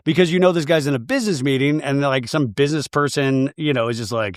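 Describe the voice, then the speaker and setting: A man's voice: mid-range voice, quick pace, hardly any pauses, no room sound, studio quality. A man hosting a podcast, chatting through a comedic TV recap and acting out scenes. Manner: chatty, animated, acts out scenes. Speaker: podcast host.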